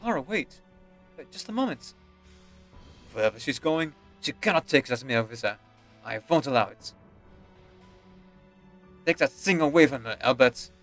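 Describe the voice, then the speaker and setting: A man's voice: mid-range voice, lively intonation, moderate pace, long pauses, a bit bright, soft background music. A man reading game dialogue aloud, voicing a haughty, contemptuous nobleman father with a stern, scornful delivery. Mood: indignant.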